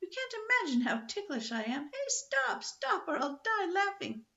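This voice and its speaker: A woman's voice: on the high side, big pitch swings, normal speed, vocal fry, a bit bright, muffled recording, exaggerated voice. An older woman voicing a bold, cheerful little girl of great strength, cheeky and bossy in a storybook reading. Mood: shrieking.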